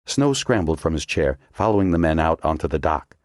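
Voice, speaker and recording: A man reading a thriller audiobook in a measured, dramatic storytelling manner. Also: a bass voice, lively intonation, no echo, clean studio sound. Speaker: audiobook narrator. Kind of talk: scripted narration.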